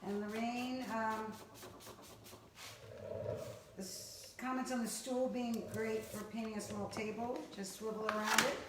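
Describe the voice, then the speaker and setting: A woman's voice: a little high, level tone, a little slow, pauses often, far from the mic. A woman helping on a livestream, reading out viewer comments in a matter-of-fact way. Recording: echoey room, off-mic, noisy.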